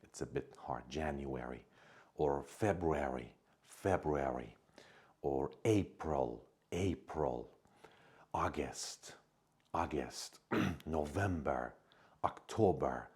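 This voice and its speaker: A man teaching English to beginners, patiently saying each word slowly and repeating it for learners to copy. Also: a bass voice, a little mellow, husky. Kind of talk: slow, step-by-step language lesson.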